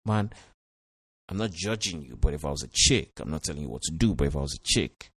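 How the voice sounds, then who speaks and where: A man's voice: a bass voice, animated, brisk, fairly bright tone, breathy edge, dry recording. A man giving blunt, profane commentary on a reality show, peppered with "you know". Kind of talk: casual commentary.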